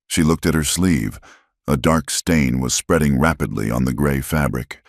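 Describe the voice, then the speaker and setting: A man's voice: rumbling low, normal speed, no room sound, studio quality. A man giving dramatic scripted narration of a story.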